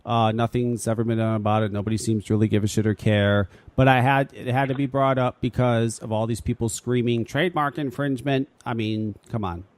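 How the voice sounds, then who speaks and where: A man's voice: medium pitch, fairly even intonation, brisk, few pauses, no room sound. Laid-back swearing podcast host, man. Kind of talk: casual podcast chat.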